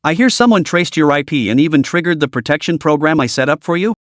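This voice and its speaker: A man's voice: on the high side, expressive, quick pace, no room sound, clean studio sound, close to an everyday voice. A man voicing a sinister, suave male hacker mastermind in a storybook reading, smug and faintly mocking.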